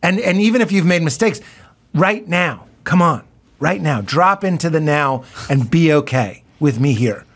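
A man, a comedian guest in casual podcast chat, animated and quick to laugh, acting out quoted voices. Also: fairly high pitch.

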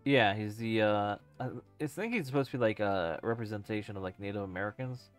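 A man's voice: lowish voice, fairly quick, clear, resonant tone, soft background music. A man streaming a video game, chatting casually with friends and rambling with many fillers.

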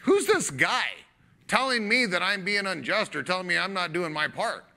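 A man's voice: high-pitched, lively intonation, moderate pace, creaky, bright, forceful tone, pitched above the performer's own voice, heavily acted. A man voicing God as an indignant, confrontational figure who challenges a complainer.

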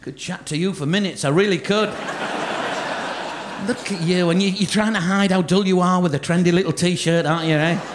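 Recorded at a live theatre show with audience laughter and background noise, a man who does stand-up and magic pokes fun at a volunteer in quick jabs. His voice sits high as he banters from the large stage.

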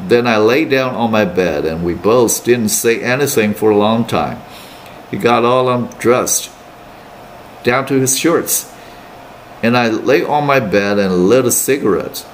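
A man teaching English, reading a novel aloud in steady plain narration with brief Mandarin asides. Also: mid-range voice, slight background noise.

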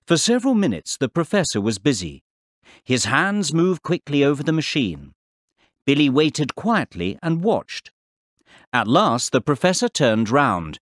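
A man narrating a story slowly and clearly for English learners. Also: fairly high pitch, no room sound, clean studio sound. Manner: deliberate, expressive reading for learners. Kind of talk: slow, clear textbook narration.

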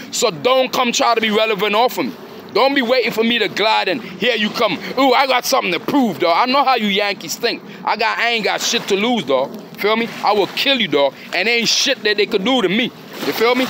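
A man with a high-pitched voice rants straight at the camera in a hostile, repetitive stream of profanity. He keeps hammering the same points and tags his lines with "dog". A faint hum of noise sits under his voice. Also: a bit bright. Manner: aggressive, repetitive, profane, calls listeners "dog". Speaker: vlogger. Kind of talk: ranting monologue to camera.

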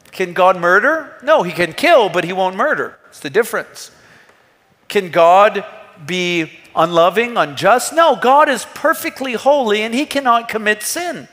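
Male pastor, thirties, bright high voice, earnest emphatic sermon, long church reverb. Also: animated, moderate pace. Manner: earnest, emphatic preaching with rhetorical questions. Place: church hall.

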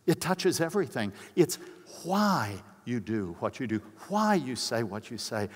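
The older US pastor's voice swings widely in pitch at a measured pace, echoing with long large-hall reverb. Preaching a conversational conference sermon, he relates personal stories and performs quoted voices with big pitch leaps.

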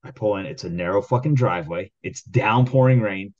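A lower-voiced man rants his way through a work story, swearing in nearly every breath and shouting out the lines he threw at his coworkers. The recording sounds dull and lo-fi. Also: brisk. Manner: heated, rambling, swears constantly, acts out quoted arguments loudly. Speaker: podcast co-host. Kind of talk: casual profane storytelling.

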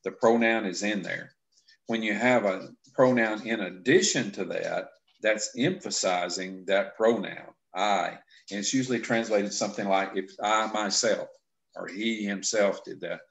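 Low-voiced man explaining scripture. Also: vocal fry, fairly bright tone. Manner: explanatory, halting with frequent restarts. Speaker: Bible class instructor. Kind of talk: casual scripture teaching discussion.

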